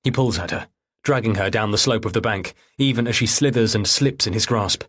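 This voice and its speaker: A man reading a thriller audiobook in third person, with a somewhat low, husky voice. His delivery is measured and grave throughout. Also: a bit bright. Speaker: audiobook narrator.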